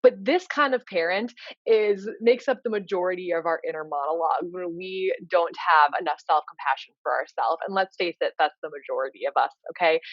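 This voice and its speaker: A woman's voice: fairly low pitch, no echo, dull audio. A woman coach giving an informal lecture, earnest and explanatory, often filling with "you know". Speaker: leadership coach.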